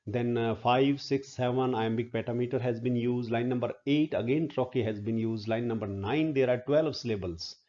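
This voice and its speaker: A male professor giving a classroom lecture on poetry, pausing often with "uh" and counting syllables aloud. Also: mid-range voice, warm tone, lo-fi sound. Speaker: literature professor.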